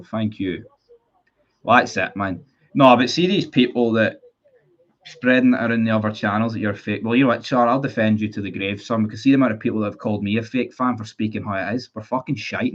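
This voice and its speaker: A man's voice: lowish voice, dull audio. A Scottish man ranting heatedly about his football club on a live stream, reading chat messages and swearing often. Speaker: football fan livestreamer.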